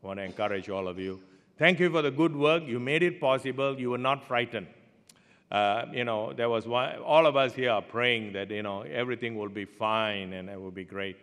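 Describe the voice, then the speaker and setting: A man preaching a sermon as pastor, telling stories with animated swings in pitch and loudness. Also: normal speed. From Singapore. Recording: long hall reverb.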